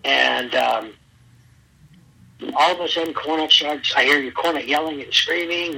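A middle-aged man with a husky, sharply bright voice recounts his wrestling days to an interviewer. He acts out the people he quotes with loud bursts, and the sound has a thin phone-line quality. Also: a little high, measured pace, pauses often. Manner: animated storyteller, acts out quotes loudly. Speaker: guest, former pro wrestler. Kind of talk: storytelling interview.

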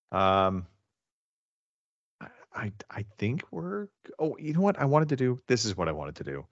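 A man hosting a casual podcast chat, joking and teasing, with halting restarts. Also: on the low side, no room sound, dull audio. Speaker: podcast host.

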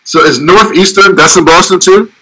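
A man's voice: high-pitched, normal speed, pushed and bright, low-quality recording. A man in casual podcast chat, asking one curious question after another and laughing along. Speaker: podcast co-host.

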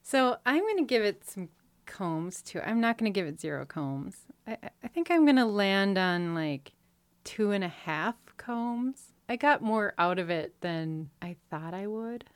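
A woman co-hosting a casual movie review chat, giving frank, quick opinions. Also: medium pitch, lively intonation, clean tone, dry recording. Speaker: podcast co-host.

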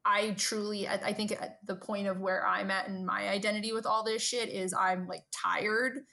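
A woman's voice: mid-range voice, flat delivery, normal speed, gravelly, sharp tone. A woman in her late twenties co-hosting a casual podcast, speaking frankly and emphatically, swearing freely and acting out quoted lines. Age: late 20s. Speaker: podcast co-host.

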